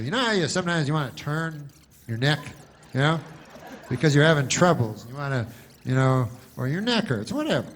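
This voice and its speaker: A man telling a meandering stand-up story in a deadpan way, full of asides. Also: fairly high pitch, brisk, slight background noise. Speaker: stand-up comedian.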